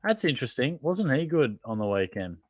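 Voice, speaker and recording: A man's voice: medium pitch, big pitch swings, fairly quick, dry recording. An Australian man hosting a casual live-stream Q&A, reading chat questions aloud in a laid-back, jokey way, laughing often and swearing casually. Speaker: fantasy footy livestream host. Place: at home.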